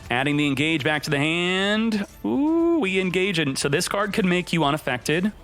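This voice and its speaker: A man streaming a card game, giving excited, jokey commentary and talking to himself as he plays. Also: fairly high pitch, normal speed, faint music behind. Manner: hyped, jokey, talks to himself while playing. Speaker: gaming streamer.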